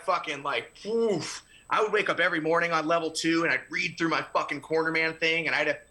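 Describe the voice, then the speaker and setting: Bright-voiced, animated male guest. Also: fairly high pitch. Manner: animated, laughs often, swears casually. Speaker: podcast guest. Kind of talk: casual podcast conversation.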